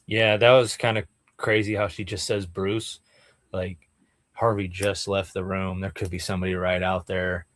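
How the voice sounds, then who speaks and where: A man's voice: sits low, level tone, moderate pace, a bit bright, dry recording. A man co-hosting a casual podcast, explaining details with enthusiasm and peppering his talk with "like" and "dude.". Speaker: podcast co-host. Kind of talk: casual comic-book discussion.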